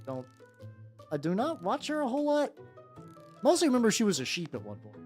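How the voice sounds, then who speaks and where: Animated, rambling woman streamer. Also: fairly high pitch, a little fast. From United States. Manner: rambling, playful, swears, chats with viewers. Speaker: VTuber streamer painting miniatures. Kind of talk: casual livestream chat. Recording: faint background music.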